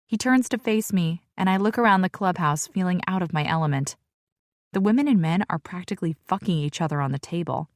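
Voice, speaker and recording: Low-voiced woman narrating a romance. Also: normal speed, no room sound, clean studio sound. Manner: sassy, expressive. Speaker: audiobook narrator. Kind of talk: first-person romance narration.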